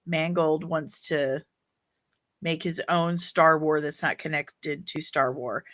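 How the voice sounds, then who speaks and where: Slow-talking woman hosting a livestream. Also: deep voice, steady tone, fairly bright tone. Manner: opinionated and chatty, reacting to viewer comments. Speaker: livestream host reading chat. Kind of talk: casual livestream chat.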